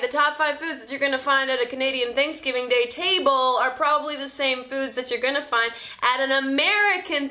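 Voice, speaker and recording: Jokey woman vlogger, high voice, bright and kinda sharp, sarcastic little asides. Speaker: video host. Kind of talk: comedic vlog narration.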